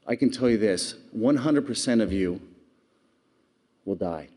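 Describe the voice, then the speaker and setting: A man's voice: on the low side, lively intonation, measured pace, darkish tone. A man giving an earnest public speech, telling stories and asking the audience questions. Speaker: award speaker.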